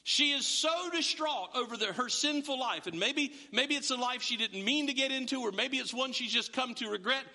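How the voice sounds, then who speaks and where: A man preaching a sermon as pastor, animated and acting out his listeners' voices. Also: very high-pitched, normal speed, hardly any pauses, big-room sound.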